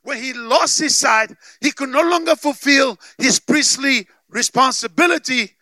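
A man preaching a sermon with emphatic call-and-response, often shouting for emphasis. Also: very high-pitched, unhurried, no room sound. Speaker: pastor.

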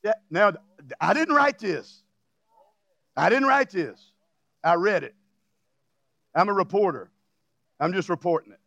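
A man preaching, his voice pitched unusually high for a man, with a gravelly edge. He swings between emphatic shouted points and jokey asides. The sound is close and dry. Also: expressive, unhurried, long pauses, no room sound. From Louisiana. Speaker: pastor. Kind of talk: sermon.

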